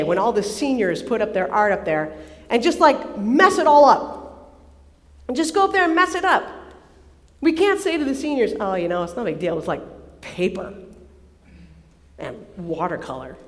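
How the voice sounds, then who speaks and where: A high-voiced woman preaching to a gathered crowd. She is animated and playful, asking her listeners questions as she goes. Her voice rings out with the long reverb of a large hall. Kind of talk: sermon.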